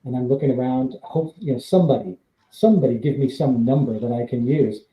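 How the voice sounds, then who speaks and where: A man's voice: mid-range voice, brisk, roomy sound, dull audio. A man, a former stunt double, telling casual rambling stories with fillers and laughs. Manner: rambling anecdotes with fillers, laughs between lines. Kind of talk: casual storytelling on a live stream.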